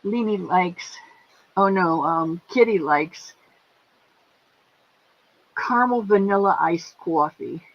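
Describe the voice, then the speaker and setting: A woman's voice: on the low side, takes it slowly, long pauses. A woman hosting a casual livestream, greeting viewers by name with affectionate pet names as she reads their comments. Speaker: livestream host. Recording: dull lo-fi stream audio.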